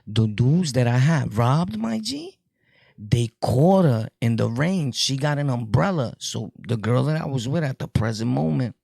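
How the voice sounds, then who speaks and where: A man with a New York accent telling his prison stories to viewers in a casual, jokey way, full of street slang and quick laughs. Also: medium pitch, expressive, vocal fry, a little mellow, dry recording, studio quality.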